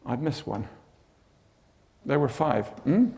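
A man's voice: medium pitch, slow pace. A man preaching a sermon, telling stories with dramatic flair and humorous asides. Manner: animated storytelling with humorous asides.

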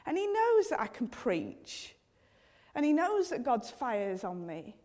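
Earnest woman preacher, higher voice. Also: huge pitch swings, a little slow, a little mellow. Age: 30s. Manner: earnest, conversational, many fillers and repeated appeals to God. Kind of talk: sermon.

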